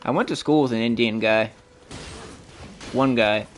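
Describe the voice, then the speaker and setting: A man's voice: mid-range voice, unhurried, a little hiss or hum. A man streaming a game live, cursing and trash-talking opponents and chatting casually with viewers. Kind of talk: live gaming stream commentary.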